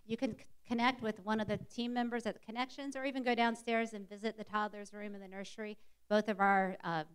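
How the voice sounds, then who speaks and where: A woman's voice: mid-range voice, little pitch movement, quick pace, clean tone. A woman giving casual, unscripted announcements into a stage microphone in a church, laughing easily. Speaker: church announcer, pastor's wife. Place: church sanctuary.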